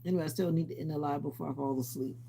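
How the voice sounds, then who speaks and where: Livestream host, male, stuffy nose, sleepy and rambling; dark gravelly voice, faint hum behind. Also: fairly high pitch, fairly even intonation, racing. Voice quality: stuffy, congested. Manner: rambling, talks while snacking and reading chat. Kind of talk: casual livestream chat with viewers.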